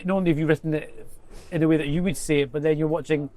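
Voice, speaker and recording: Quick-talking man co-hosting a podcast. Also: fairly high pitch, steady tone, darkish tone. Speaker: podcast co-host. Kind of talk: casual interview chat.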